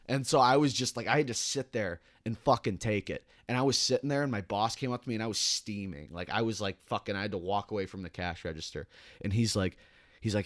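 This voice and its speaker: A man's voice: on the low side, quick pace, a bit bright, no room sound, studio quality. A young man, telling a heated, profane work story as a podcast co-host. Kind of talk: casual podcast chat.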